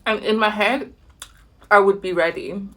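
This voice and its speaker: An animated woman tells a story over her dinner in a mid-range voice. She leaps into high, exasperated outbursts and pauses to savor her food with soft murmurs. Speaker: vlogger. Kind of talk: casual storytelling while eating.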